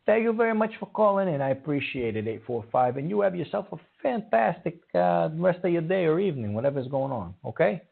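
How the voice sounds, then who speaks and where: Gravelly, husky radio host. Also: male voice, a little high, brisk, hardly any pauses. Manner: animated, scolds rude callers. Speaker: radio call-in show host. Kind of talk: call-in radio banter. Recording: narrow phone-like audio.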